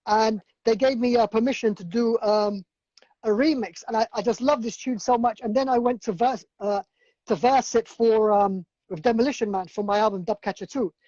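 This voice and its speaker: A man's voice: high voice, normal speed, mellow, dry recording, dull audio. A man, a DJ and producer, chatting casually on a livestream, rambling through stories with lots of fillers and restarts. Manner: rambling, filler-heavy storytelling. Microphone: video call.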